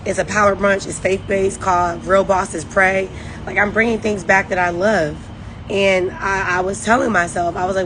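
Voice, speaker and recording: Woman, mid-pitched, emphatic and rambling, faith-heavy pep talk on a phone livestream, steady noise behind her. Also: moderate pace. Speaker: network marketing team leader.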